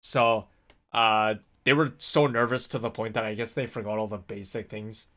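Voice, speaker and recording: A man vlogging in a casual, rambling storytelling way, animated when he quotes people. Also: lowish voice, moderate pace. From North America. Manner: rambling, animated when quoting others, laughs often.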